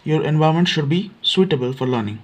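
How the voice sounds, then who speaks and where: A man with an Odia accent teaching an education class, explaining points step by step and often pausing on filler words. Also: a little high, lively intonation, dull audio. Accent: Odia English. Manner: frequent fillers and restarts, repeats key points. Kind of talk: explanatory lecture for exam students.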